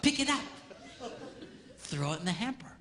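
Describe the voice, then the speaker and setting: A man giving a comedic marriage seminar on stage in a large hall, playful and animated, acting out little quotes and sound effects. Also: high-pitched, moderate pace, background noise. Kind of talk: comedic live seminar talk. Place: large hall with live audience.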